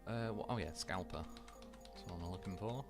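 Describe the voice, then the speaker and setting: A man's voice: low voice, moderate pace, music in the background. Sweary man chatting while gaming. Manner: sweary, rambling, laughs through anecdotes. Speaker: livestreamer. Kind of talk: casual chat while gaming.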